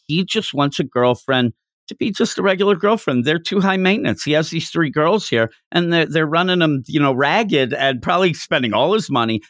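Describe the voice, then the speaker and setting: A man co-hosting a casual podcast about comics, talking with animated energy, laughing often and acting out quoted lines in a raised voice. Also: on the high side, no room sound, studio quality. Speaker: podcast co-host. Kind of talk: casual chat reviewing manga.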